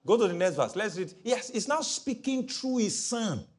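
A middle-aged man preaches a sermon, his pitch rising and falling widely. His voice sits a little high for a man, and he slips into playful voices for the people in his stories. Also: normal speed. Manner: animated, mimics voices in stories, laughs often. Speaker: pastor.

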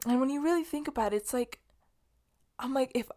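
A young woman from Los Angeles hosts her podcast solo, rambling casually, swearing freely and restarting often. Her mellow voice sits high and runs a little fast, broken by long pauses.

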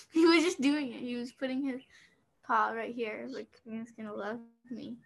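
A woman with a high voice chats playfully, giggling and cooing over a pet that climbs on her. The talk is light and loose. Her voice sits well above the usual pitch for a woman. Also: fairly even intonation, moderate pace, vocal fry. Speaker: vlog co-host. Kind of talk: casual chat.

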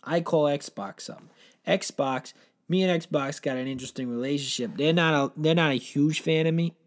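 A brash man with a slightly high voice rants through a crude comic story, swearing constantly. He rambles from one gripe to the next in a loose podcast style. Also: normal speed. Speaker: comedy podcast host. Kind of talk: crude comedic rant.

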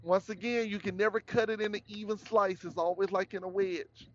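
Man, podcast host, high voice, rambling slangy talk, dull lo-fi sound. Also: fairly even intonation, a little fast. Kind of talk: solo podcast rant.

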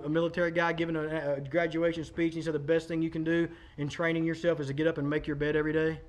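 A man, preaching a sermon in a conversational, emphatic way, talking straight to the congregation. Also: a little high. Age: 40s. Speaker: pastor.

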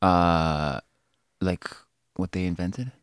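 Young male podcast co-host, low voice, relaxed and jokey, dry close sound. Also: extremely slow, smooth, no echo. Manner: joking, swearing, laughing often. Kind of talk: casual chat.

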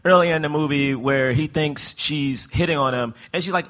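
A man's voice: fairly high pitch, moderate pace, a bit bright. A man co-hosting a live movie review podcast, playful and mock-defensive as he argues his point. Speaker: podcast co-host. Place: live show venue with audience.

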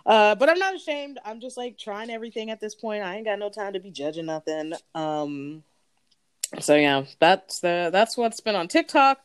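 A woman's voice: mid-range voice, animated, normal speed, clear, resonant tone, dry recording, clean studio sound. A woman co-hosting a casual podcast chat, slangy and talkative, laughing often. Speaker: podcast co-host.

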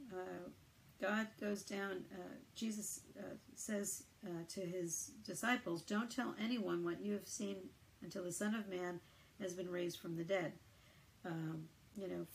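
Woman, low gravelly voice, hesitant, casual scripture musing, faint hiss behind. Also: darkish tone, poor audio. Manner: hesitant, many fillers, thinking aloud. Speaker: Bible reader. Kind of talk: casual Bible reading and reflection.

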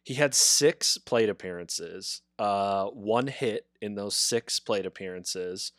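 A man's voice: fairly low pitch, takes it slowly, no echo, clean studio sound. Man reading a baseball history segment. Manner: relaxed, reads history segments, chuckles often. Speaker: podcast co-host. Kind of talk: casual baseball podcast with scripted narration.

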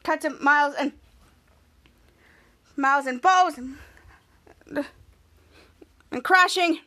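A woman podcast host recapping a TV episode scene by scene in halting, repetitive narration with restarts. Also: high voice, sharp tone.

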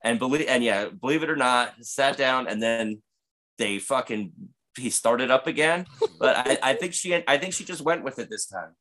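A man's voice: medium pitch, lively intonation, moderate pace, bright, forceful tone. A man telling a rambling, profane, comedic story in casual podcast chat. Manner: profane, rambling, with frequent fillers. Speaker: podcast guest or host.

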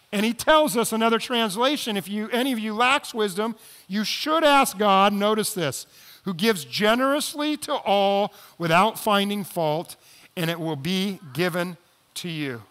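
A man preaching a sermon as pastor, moving between quiet, low asides and loud, emphatic appeals. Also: expressive, a little slow. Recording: long hall reverb.

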